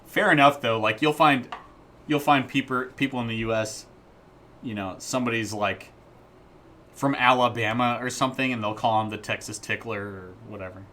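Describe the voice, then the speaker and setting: Bright-voiced man rambling on a dev stream. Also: mid-range voice, steady tone, moderate pace, slight background noise. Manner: rambling, playful, jokey asides. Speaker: indie game developer streaming his work. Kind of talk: casual live-stream chat.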